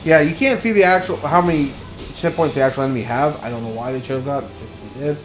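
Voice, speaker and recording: A man's voice: medium pitch, quick pace, reverberant, soft background music. A man streaming a video game, chatting casually and reading the game's lines aloud. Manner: relaxed, reads game dialogue aloud. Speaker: gaming streamer. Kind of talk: casual gameplay commentary.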